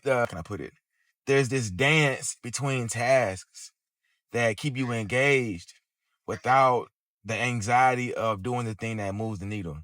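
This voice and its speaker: A man as a business coach in a casual session, thinking aloud with fillers and pauses, a bit sleepy. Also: mid-range voice, a bit bright, dry recording.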